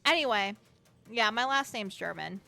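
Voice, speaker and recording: A woman's voice: fairly high pitch, animated, moderate pace, creaky, bright, forceful tone. A young woman streaming a game, reading its text aloud with chatty, giggly commentary and casual swearing. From United States.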